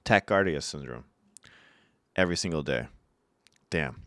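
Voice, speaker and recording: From home in Syracuse, New York, a young man talks to his live chat in a very low, smooth, resonant voice that's animated and a bit bright. He reads messages aloud, replies in a loose, profane way, and laughs at his own stories, keeping a moderate pace with frequent pauses. The audio is close and dry, without room echo.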